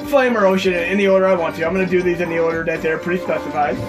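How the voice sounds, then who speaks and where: A man's voice: high-pitched, fairly even intonation, rapid-fire. A man hosting a retro gaming video, chatting casually and enthusiastically over gameplay, rambling with frequent fillers. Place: home computer setup. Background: loud game music.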